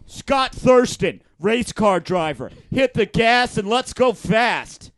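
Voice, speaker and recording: A man playing a brash, boastful male race car driver in an improv comedy bit, loud and crude. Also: high voice, animated, slow pace, no room sound, pitched above the performer's own voice, heavily acted. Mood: cocky shouting.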